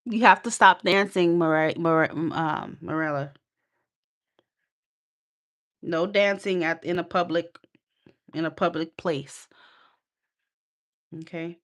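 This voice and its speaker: A woman's voice: fairly low pitch, takes it slowly, long pauses. A woman giving a casual live tarot reading, sassy and teasing, scolding her viewers and laughing often. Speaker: tarot reader.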